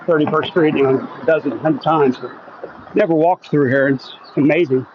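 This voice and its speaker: Walking outdoors on a residential street at night, an Oklahoma man chats casually on a live stream, reading viewer comments aloud and joking about what he sees, a bit out of breath as he heads uphill. His voice runs a little high at a normal speed, and the recording is muffled with slight hiss or hum.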